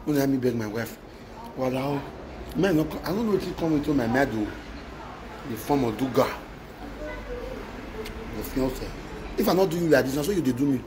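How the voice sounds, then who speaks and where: A man with a Nigerian accent gives an emotional rant, circling back to the same words over and over. His voice sits at an ordinary middle pitch. Steady background noise runs under the whole recording. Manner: repetitive, mixes Pidgin with exclamations.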